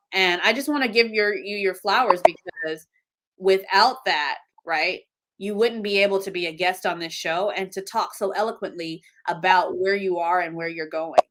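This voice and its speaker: A middle-aged woman hosting a casual podcast, telling stories animatedly and acting out quoted lines. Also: lowish voice. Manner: animated storyteller, acts out quotes. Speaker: podcast host. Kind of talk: casual chat.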